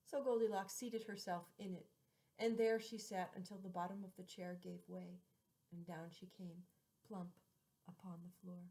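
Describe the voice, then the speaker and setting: Reading a fairy tale aloud in a steady, mid-range voice, a woman lingers on repeated phrases and hushes some words to a whisper. The recording is rough.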